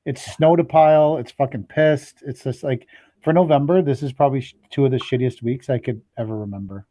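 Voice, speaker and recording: A man's voice: medium pitch, fairly quick, dark tone, no echo. A podcast co-host man, chatting bluntly and swearing a lot. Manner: blunt, profane griping. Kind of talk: casual chat.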